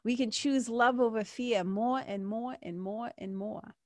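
A woman's voice: fairly high pitch, a little slow, darkish tone, no room sound. A woman hosting a podcast, talking casually in a self-help monologue, full of fillers and mild swearing. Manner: chatty, frequent fillers and swearing, laughs at herself. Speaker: podcast host.

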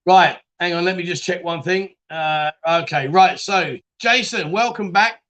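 At a measured pace, a talkative live-stream host with a high, bright voice works through viewer comments in a relaxed chat. He laughs frequently and often loses his thread, then begins again.

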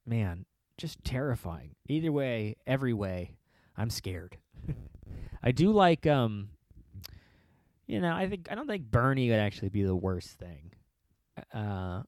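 A man's voice: on the low side, darkish tone, no echo. A man hosting a podcast in casual chat, rambling and sarcastic, laughing often and mocking the people he quotes. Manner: mocking put-on quoted voices. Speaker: podcast host.

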